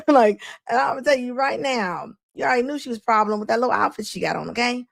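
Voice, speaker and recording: A woman's voice: fairly high pitch, fast, gravelly, no echo. A woman hosting a live show and commenting on a clip, laughing often and scolding emphatically. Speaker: host.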